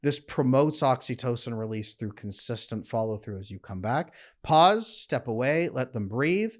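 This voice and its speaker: This man, a relationship coach, speaks in a mid-range voice. His instructional monologue is earnest and emphatic, easing its pace now and then to show what calm sounds like.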